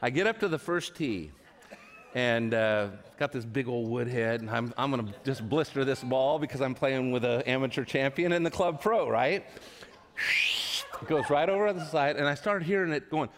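A man's voice: mid-range voice, normal speed. A male pastor telling a personal story in a sermon, chatty and self-deprecating, stumbling over his words as he goes. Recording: long reverb of a large hall.

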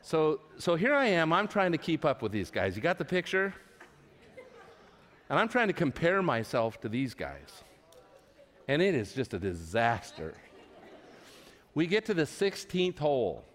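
A man's voice: on the high side, big pitch swings, measured pace, long pauses, fairly bright tone. A male pastor telling a personal story in a sermon, chatty and self-deprecating, stumbling over his words as he goes. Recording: long reverb of a large hall.

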